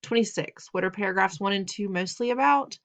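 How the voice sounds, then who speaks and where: A woman's voice: mid-range voice, brisk, gravelly. A woman teacher walking students through reading test questions in a patient, instructive way, repeating steps and asking them questions. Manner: patient, instructive, playful teasing. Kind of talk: recorded test-prep lesson.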